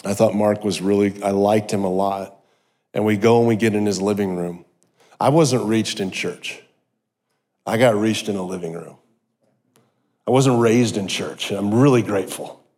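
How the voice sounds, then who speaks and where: A middle-aged man giving a personal testimony sermon, telling his story with animated energy and joking asides. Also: on the low side, normal speed, pauses often. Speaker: guest speaker. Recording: long hall reverb.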